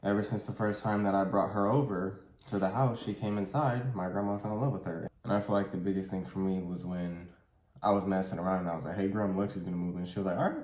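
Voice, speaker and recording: A man's voice: sits low, steady tone, fast talker, roomy sound, crowd noise, rough recording. A young man chatting casually beside his partner, laid-back and joking, with short answers. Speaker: vlogger's partner. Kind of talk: casual Q&A chat.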